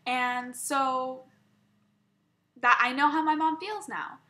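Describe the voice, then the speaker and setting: A woman's voice: high voice, moderate pace, sharp tone. A young woman vlogging an emotional personal rant, rambling and swearing, often stumbling and restarting.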